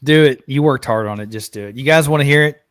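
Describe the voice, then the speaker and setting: A man from Arkansas hosting a live podcast in a relaxed, chatty way, reading out viewer comments. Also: mid-range voice, quick pace, dry recording, studio quality. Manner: relaxed, laid-back, laughs easily and says "man" often. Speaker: podcast host. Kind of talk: casual live-stream chat.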